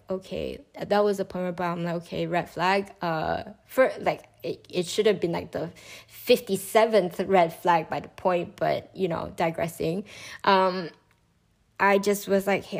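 A young woman casually telling a personal story, swearing freely and getting loud and high when she acts out other people. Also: normal speed. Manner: animated, rising pitch when mimicking, swears freely.

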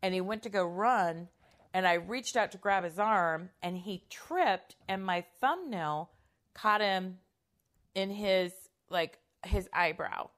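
A woman's voice: mid-range voice, animated, takes it slowly, a bit bright. A middle-aged woman telling a personal story in a casual, candid way, swearing freely and acting out quoted lines.

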